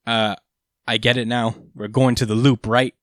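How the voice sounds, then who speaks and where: Young male co-host, casual rambling recap, mid pitch, dry close sound. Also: level tone, moderate pace, no echo. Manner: rambling, filler-heavy retelling. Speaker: podcast co-host. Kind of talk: casual chat recapping a manga chapter.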